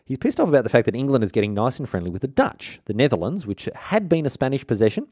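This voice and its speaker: A man's voice: medium pitch, sing-song, fast, dark tone, no echo, studio quality. A man hosting a comic history podcast, talking in an irreverent, rambling, slangy way and interrupting himself often. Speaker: podcast host.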